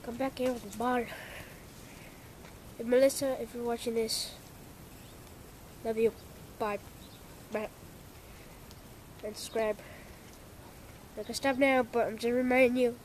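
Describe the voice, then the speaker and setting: This vlogger is a young woman with a fairly high, steady voice who speaks a little slowly and pauses often. In a casual home video she talks to the camera, swearing and yelling at her dog with playful exasperation. A faint hiss or hum is audible.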